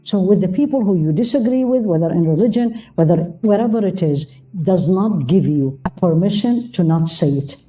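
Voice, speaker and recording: A woman's voice: fairly low pitch, animated, moderate pace, hardly any pauses, mellow. A middle-aged woman giving a religious lecture, engaging her audience with rhetorical questions and mixing Arabic phrases into her English. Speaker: religious teacher.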